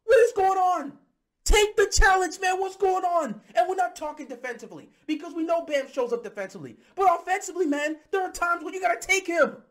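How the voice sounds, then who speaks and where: A man delivering a heated, exasperated fan rant about his basketball team, breaking into shouts. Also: very high-pitched, expressive, brisk. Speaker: sports commentator.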